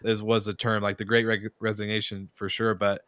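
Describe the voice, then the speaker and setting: A man's voice: lowish voice, flat delivery, brisk, fairly bright tone, no echo, clean studio sound. A man hosting a podcast, asking a rambling question with several restarts. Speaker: podcast host. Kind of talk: casual interview questions.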